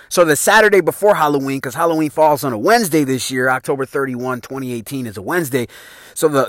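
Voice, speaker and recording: A man with a Chicago accent tells stories on his podcast in a loose, slangy, rambling way, laughing often. His voice sits a bit high for a man and swings widely in pitch. The recording is dry and close. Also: fairly bright tone, dry recording. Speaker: podcast host. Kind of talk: casual storytelling monologue.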